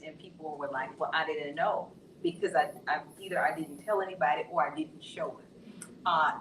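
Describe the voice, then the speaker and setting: A middle-aged woman pastor hosting a candid panel conversation, expressive and playful with colloquial asides. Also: on the low side, reverberant, far from the mic, a little hiss or hum, rough recording. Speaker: pastor and host.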